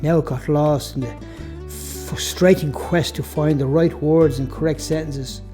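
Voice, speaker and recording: A man's voice: on the high side, fairly even intonation, a little slow, mellow, faint music behind. A man reading his own story aloud as a reflective, first-person audiobook narration.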